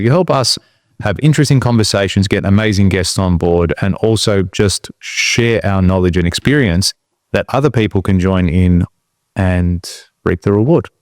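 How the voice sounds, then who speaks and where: A man's voice: lowish voice, no echo, studio quality. A man co-hosting a podcast, telling motivational stories in a casual, earnest way. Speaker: podcast co-host.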